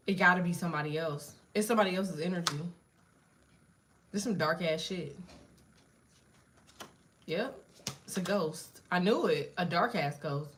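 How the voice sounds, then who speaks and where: A woman doing a casual live tarot reading, blunt and profane, chatting to viewers and jumping between cards and asides. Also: medium pitch. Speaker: tarot reader.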